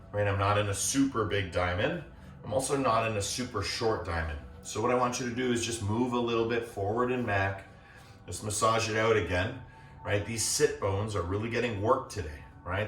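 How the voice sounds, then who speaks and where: A man teaching a gentle yoga class, guiding calmly as he demonstrates the poses and checking in with the class as he goes. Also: fairly low pitch, distant mic. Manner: calm, demonstrating as he talks, checks in with "right?". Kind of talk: guided yoga class instruction. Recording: echoey room, voice off-mic.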